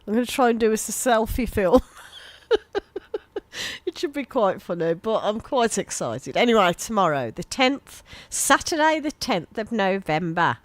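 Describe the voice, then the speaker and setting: A woman's voice: mid-range voice, very animated, normal speed, no room sound. A woman, hosting a local radio show in a gushing, chatty, rambling way. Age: 50s. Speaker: radio presenter. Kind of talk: casual local radio chat. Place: small radio studio. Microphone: studio microphone.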